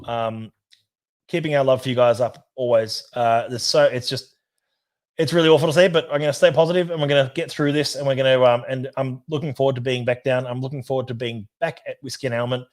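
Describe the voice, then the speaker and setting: A man's voice: medium pitch, fairly even intonation, brisk. Chatty man hosting a whisky livestream. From Australia. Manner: chatty, rambling, reads out viewer comments, laughs easily. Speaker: whisky society host. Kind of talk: casual livestream chat.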